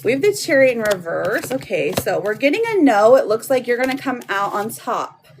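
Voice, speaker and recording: A woman's voice: fairly high pitch, big pitch swings, normal speed. A woman in her thirties reading tarot cards on a live stream, chatty and affectionate with her viewers. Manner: chatty, affectionate, laughs often. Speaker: tarot card reader. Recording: noisy home live stream.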